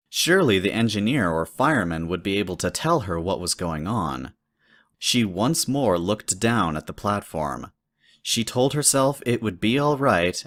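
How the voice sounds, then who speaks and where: A man narrating a fanfic horror story in a steady, measured way. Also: lowish voice.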